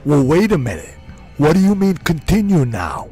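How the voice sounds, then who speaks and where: A man doing an impression of a boastful, macho older ex-governor who brags slowly and taunts his listener. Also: fairly high pitch, very animated, mellow, soft background music. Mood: boastful taunting. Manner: slow, swaggering macho bragging.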